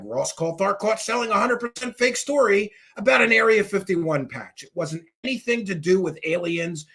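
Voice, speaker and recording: A man hosts a heated commentary rant, sarcastic and scornful, sometimes raising his voice to a shout. His voice sits high and bright, with a gravelly, husky edge. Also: animated, moderate pace, few pauses. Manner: angry, mocking, sarcastic, shouts at times. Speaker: host. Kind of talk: ranting commentary.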